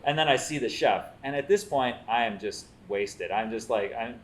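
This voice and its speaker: A man's voice: mid-range voice, normal speed. A man, hosting a food show and telling stories in casual chat, acting out the quotes as he goes. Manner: animated storyteller, acts out quotes.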